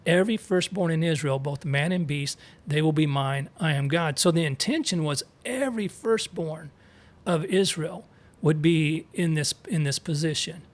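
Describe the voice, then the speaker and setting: A man's voice: a little high, moderate pace. A man co-hosting a casual Bible study, reading verses aloud and explaining Hebrew words with chatty asides. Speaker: co-host teaching scripture.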